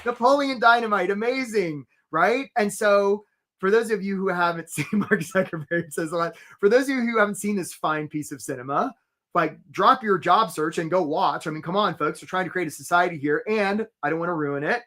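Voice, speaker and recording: A man coaching job seekers in a live webinar, chatty and lively, telling stories and greeting viewers from the chat by name. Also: high-pitched, a little fast. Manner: tells stories to make his points.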